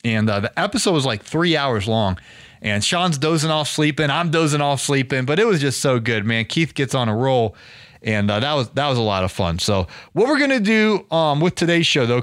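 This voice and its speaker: A man's voice: mid-range voice, no room sound, clean studio sound. Rambling, chatty male podcast host. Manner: rambling storyteller, animated quoting. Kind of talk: casual podcast chat.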